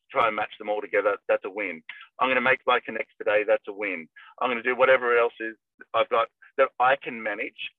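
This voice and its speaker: A man's voice: medium pitch, no room sound. A middle-aged man, a real estate agent, talking casually and energetically, acting out phone calls as he coaches. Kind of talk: casual podcast talk. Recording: tinny phone-like line, dry.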